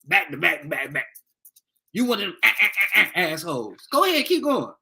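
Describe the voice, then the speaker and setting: A man's voice: fairly high pitch, animated, a little fast, vocal fry, bright, forceful tone. A young man on a heated livestream rant, angry and profane, taunting commenters. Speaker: livestream host.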